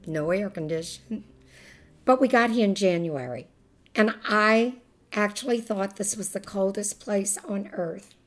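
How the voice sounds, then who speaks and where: A woman's voice: medium pitch, measured pace, faint music behind. An older woman from Louisiana with a Cajun Louisiana accent, chatting and laughing as she tells stories in an oral history interview.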